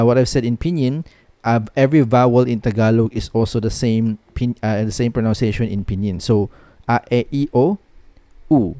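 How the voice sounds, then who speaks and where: Mellow-voiced man teaching number words. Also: mid-range voice, no echo. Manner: patient, repeats each word three times. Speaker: language teacher. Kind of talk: online language lesson.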